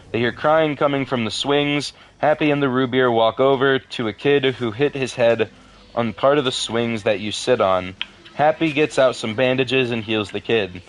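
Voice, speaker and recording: Male video host, mid-range voice, deadpan reader who cuts in with dry, sweary remarks. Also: medium pitch. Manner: deadpan asides, swears in frustration. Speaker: video creator reading a horror story. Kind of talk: casual reading with commentary.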